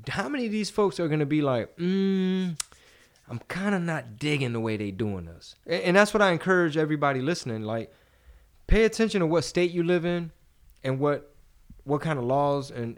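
A man's voice: on the high side, brisk. A man hosting a podcast in casual chat, rambling and cursing freely as he tells stories. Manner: rambling, profane, animated storytelling. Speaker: podcast host.

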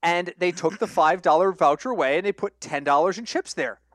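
Animated storytelling man, higher voice. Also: a little fast, no echo, studio quality. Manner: animated storyteller, acts out quoted voices, laughs often. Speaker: podcast co-host. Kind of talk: casual sports betting chat.

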